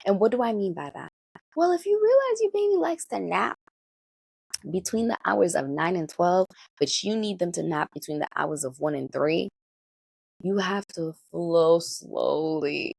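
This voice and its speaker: A woman doula giving parenting advice in a coaching manner, often checking in with listeners and swinging her pitch and pace expressively. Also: animated, unhurried, vocal fry, a little mellow, slightly rough, no room sound.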